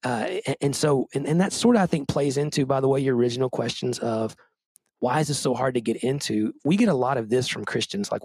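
Husky guy, pastor type, earnest and a bit self-deprecating, keeps restarting sentences, dry close mic. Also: mid-range voice, fairly quick, a little mellow, no room sound. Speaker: pastor and book co-author. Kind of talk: casual podcast conversation.

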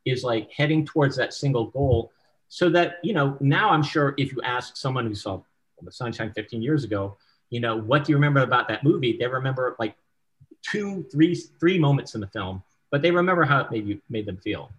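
A screenwriter talking as a guest in a loose interview, easygoing and frank, with casual swearing. His voice sits at an ordinary middle pitch, and he keeps checking in with the listener as he thinks out loud. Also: normal speed, poor audio.

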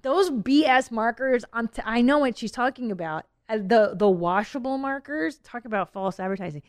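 A woman's voice: mid-range voice, smooth, no echo, clean studio sound. A woman in her thirties hosting a podcast, chatting candidly, laughing often and rambling with fillers. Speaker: podcast host. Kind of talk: casual podcast chat.

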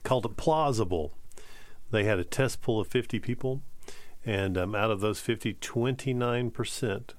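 A man's voice: lowish voice, normal speed, dry recording. A man co-hosting a radio show, chiming in with brief, agreeable remarks and reading out facts he has looked up. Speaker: radio co-host looking things up. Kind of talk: casual radio banter.

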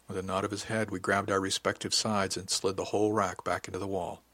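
A man narrating an audiobook in steady, matter-of-fact first-person storytelling. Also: low voice, brisk, dry recording.

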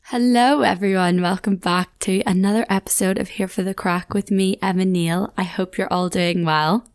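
A young woman with a southern Irish accent, hosting a podcast in casual chat, laughing often and adding quick asides. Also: mid-range voice, fairly even intonation. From Ireland. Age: 20s. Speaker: podcast host.

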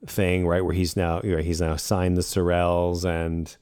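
A man with a very low, deep voice talks loosely and at length about a film. He rambles and jokes and swears now and then. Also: level tone, measured pace, a little mellow, clean tone, no echo, clean studio sound. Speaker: podcast co-host. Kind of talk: casual film chat.

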